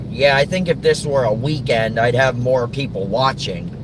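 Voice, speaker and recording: A man's voice: mid-range voice, a little slow, heavy background noise. A man vlogging from his car in a casual, rambling monologue, often chuckling.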